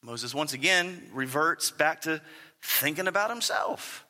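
A man preaching a sermon in an animated way, with stammering restarts and rhetorical questions. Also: a little high, unhurried, long reverb tail.

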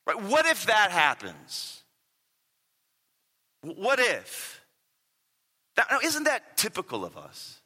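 A man preaching a sermon in an animated way, with stammering restarts and rhetorical questions. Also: sits high, slow pace, pauses often, husky, big-room sound.

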